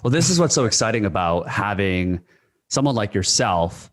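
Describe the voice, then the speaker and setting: Young man, interview host, low voice, calm, reflective. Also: normal speed. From South Korean background. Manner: calm, reflective, short affirmations. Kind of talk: conversational interview.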